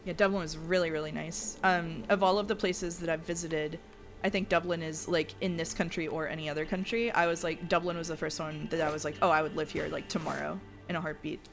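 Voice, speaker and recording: A woman's voice: fairly low pitch, fairly even intonation, brisk. A woman streaming a life-sim game, chatting casually, reading chat messages aloud and often trailing off and restarting her sentences. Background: faint game music.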